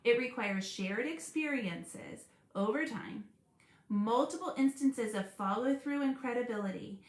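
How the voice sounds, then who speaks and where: A woman hosting a live stream about school support teams, earnest and animated, laughing often as she talks. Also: fairly high pitch, a little slow, roomy sound. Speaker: special education advocate hosting a live stream. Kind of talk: casual live-stream talk.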